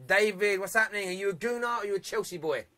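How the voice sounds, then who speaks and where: A young man hosts a live football phone-in, chatting with callers and reading out viewer comments. His voice sits high and sounds bright and forceful, and he laughs loudly and often. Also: very fast. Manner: reads viewer comments aloud. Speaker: phone-in show host.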